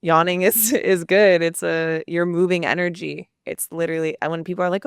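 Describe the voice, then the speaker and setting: Calm woman coach, smooth low voice. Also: fairly quick, hardly any pauses, dry recording, studio quality. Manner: calm, encouraging instructions. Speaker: subconscious transformation coach. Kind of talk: guiding a tapping exercise.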